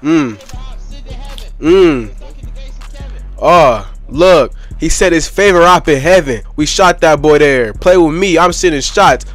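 A young man giving excitable, slang-heavy gameplay commentary while chatting with other players. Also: fairly high pitch, slow, long pauses, soft background music. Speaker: gaming YouTuber.

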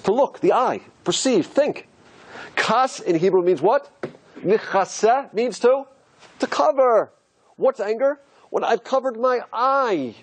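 A man's voice: extremely high pitch, animated, takes it slowly, a little hiss or hum. A man teaching as a rabbi, asking rhetorical questions and musing aloud as he explains letters on a board. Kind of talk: teaching lecture.

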